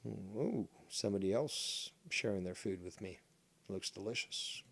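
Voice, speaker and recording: A man's voice: fairly low pitch, unhurried, creaky. A man hosting a casual call-in stream, sarcastic and mocking, swearing freely as he talks with callers. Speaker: stream host.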